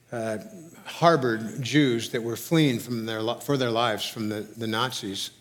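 A man preaching a sermon as pastor, reading scripture aloud with rising, emphatic delivery. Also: mid-range voice. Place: church sanctuary.

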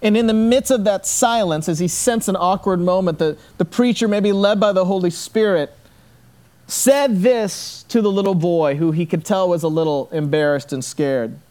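A man preaching a sermon, earnest, slowing and dropping low on key words and acting out the people in his stories. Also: mellow. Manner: storytelling with acted-out quotes. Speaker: pastor.

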